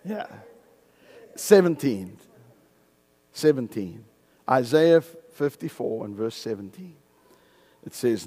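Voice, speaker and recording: A man preaching a sermon, emphatic, swinging between loud exclamations and low, intense passages, with frequent hallelujahs. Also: very animated, slow pace, long pauses, husky.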